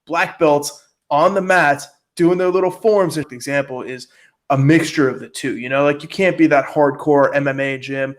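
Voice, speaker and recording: Casual male podcast host, profane and loose, slightly higher-pitched delivery. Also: moderate pace. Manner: casual, profane, frequent filler words. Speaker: jiu-jitsu gym owner and host.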